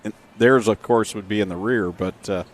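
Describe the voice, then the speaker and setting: A man's voice: on the low side, normal speed. A man announcing a live race at an outdoor speedway, calling flags, restarts and battles, and laughing easily with his partner. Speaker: race commentator.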